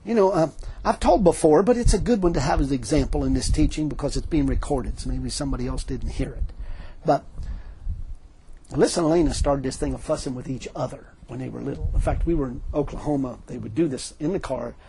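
A man's voice: medium pitch, fast talker, gravelly, mellow, a little hiss or hum. A middle-aged man preaching a sermon, telling folksy stories with emphatic lines and frequent laughter. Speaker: pastor.

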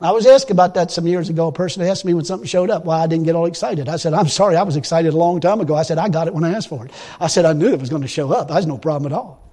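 A man preaching a sermon in a folksy, emphatic way, breaking into loud exclamations. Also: on the high side, rapid-fire, few pauses. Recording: long reverb of a hall.

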